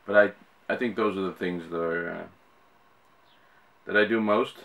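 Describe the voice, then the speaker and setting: Talking loosely to his camera, a Dutch YouTuber in middle age rambles through fillers and restarts in American-accented English. His voice is low-pitched, fairly bright, and a little slow.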